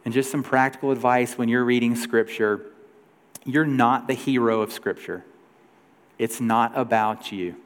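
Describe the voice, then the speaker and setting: A man in his forties preaching a sermon as pastor, telling a story in a loose, conversational way with shifting pace and loudness. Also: medium pitch, fairly even intonation, measured pace. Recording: long hall reverb.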